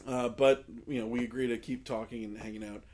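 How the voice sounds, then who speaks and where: A man's voice: mid-range voice, a little fast, slight background noise. A man telling a long story in casual podcast chat, acting out the people in it and often laughing. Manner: animated, acts out quoted people, laughs often. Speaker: podcast co-host.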